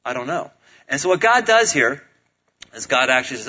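Bright-voiced casual preacher. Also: male voice, medium pitch, brisk, lo-fi sound. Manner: casual, humorous, animated preaching. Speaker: pastor. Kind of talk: sermon.

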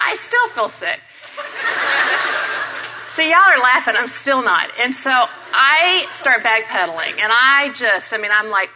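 A married woman telling a self-deprecating personal story to a church congregation, animated and acting out the people she quotes. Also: a little high, a little slow, dull audio, background noise.

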